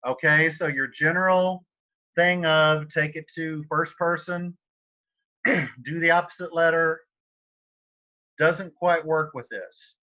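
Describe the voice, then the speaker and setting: Casual male teacher, throat-clearing, lo-fi audio. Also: fairly high pitch, steady tone, slow pace, long pauses. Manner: informal, chatty, frequent throat clearing. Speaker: Spanish teacher. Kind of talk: online class lecture.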